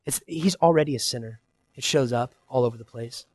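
A man in his thirties preaching a sermon, earnest and conversational, swinging between loud emphasis and soft, quiet asides. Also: mid-range voice, fairly quick. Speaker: pastor.

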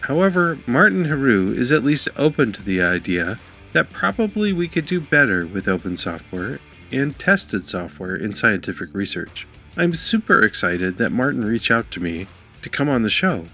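A man hosting a podcast, earnest and opinionated. His mid-pitched voice rises and falls a lot as he talks, and soft music plays faintly behind him. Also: big pitch swings, moderate pace. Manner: opinionated, earnest, upbeat questioning. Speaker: podcast host. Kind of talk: podcast intro and interview chat.

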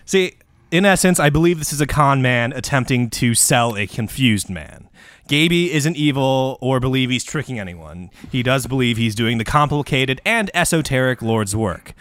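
A man's voice: medium pitch, lively intonation, moderate pace, fairly bright tone, dry recording. A man co-hosting a comedy podcast, ranting with sweary, confident asides. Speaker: podcast co-host. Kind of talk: casual comedy podcast chat.

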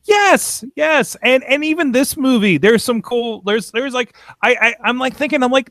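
A man hosting a casual podcast chat, animated, with frequent stammering restarts. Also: very high-pitched, normal speed, hardly any pauses, no room sound. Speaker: podcast host.

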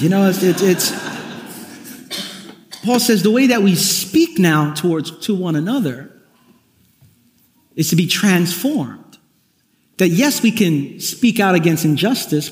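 A man preaching a sermon as pastor, talking conversationally with wry asides and frequent restarts. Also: sits high. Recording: echoey hall, long reverb.

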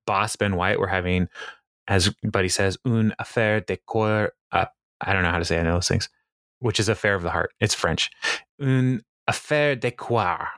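A man's voice: lowish voice, fairly bright tone, no echo, studio quality. A man chatting casually on a podcast, retelling a TV episode with frequent laughs and fillers. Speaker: podcast co-host. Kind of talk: casual chat recapping a TV episode.

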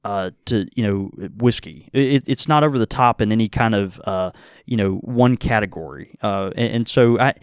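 A man's voice: lowish voice, normal speed, clean tone, dry recording, clean studio sound. Rambling man. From American South. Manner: rambling, many fillers and restarts. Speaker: podcast host. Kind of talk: casual whiskey tasting chat.

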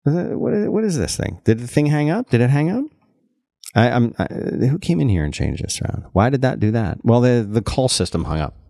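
A man hosting a podcast, chatting casually in an animated way and often restarting his sentences. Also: medium pitch, fairly quick, creaky, no room sound, studio quality. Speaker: podcast host.

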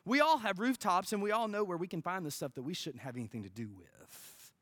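A pastor delivering a sermon in an informal storytelling way, swinging from loud, high emphasis to near-whispers and often adding "right?". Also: lively intonation, fairly quick, no echo, clean studio sound. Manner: peppers phrases with "right?".

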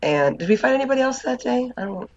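A podcast co-host recapping their week in a relaxed, dry way with many fillers. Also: medium pitch, fast talker, dull audio. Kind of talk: casual chat.

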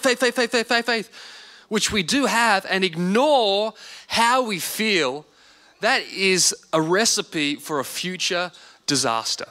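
A man's voice: high voice, sharp tone. A man in his thirties preaching a sermon as pastor, earnest and repeating words for emphasis.

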